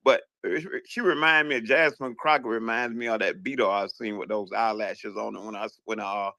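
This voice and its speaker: A man with a Southern US accent calls into an online audio room for a casual chat, talking bluntly and emphatically with plenty of profanity. His voice is lowish, steady and sharp, and he speaks a little fast. There's no room sound.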